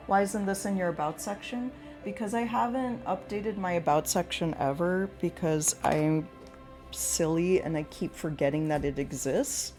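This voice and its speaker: With music playing in the background, a woman in a lowish voice chats at a moderate pace while painting in watercolors for her live stream. She responds to viewers' comments rambling and self-deprecatingly, sounding slightly whiny and pleading.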